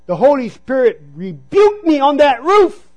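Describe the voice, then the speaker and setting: A man preaching a sermon, telling a personal story and calling out to the congregation, sometimes dropping to a hush for emphasis. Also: extremely high pitch, very animated, a little slow, rough recording. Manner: storytelling, call-and-response "Amen?".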